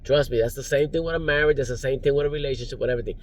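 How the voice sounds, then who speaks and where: A man's voice: medium pitch, very fast. A man giving rambling, preachy life advice in a casual vlog, recorded in his parked car, chuckling now and then. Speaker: vlogger, driver.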